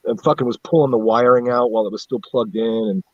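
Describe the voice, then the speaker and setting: A man's voice: mid-range voice, steady tone, fast, darkish tone, dry recording, lo-fi sound. A man from central upstate New York, chatting casually and rambling, swearing a lot and laughing at his own stories. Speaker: guest on a live stream. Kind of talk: casual chat.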